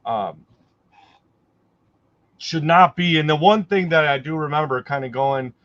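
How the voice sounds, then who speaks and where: A man's voice: a little high, unhurried, a bit bright, dry recording, highs cut off. A man co-hosting a casual livestream chat, speaking in a hesitant, conversational way with many fillers. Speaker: co-host.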